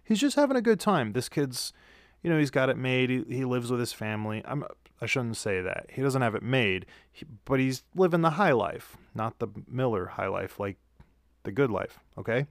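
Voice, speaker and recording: A man's voice: mid-range voice, moderate pace, vocal fry, no echo, clean studio sound. A tired man after work, telling a rambling, profane story into a handheld mic with a pop filter, often correcting himself. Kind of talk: casual storytelling monologue. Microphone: handheld studio mic with pop filter.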